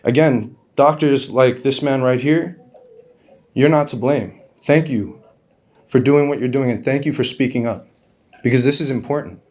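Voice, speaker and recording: A man stands up as a grieving father and speaks earnestly to a crowd. His delivery is halting, with short phrases and questions he repeats. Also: mid-range voice, darkish tone. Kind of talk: emotional public speech.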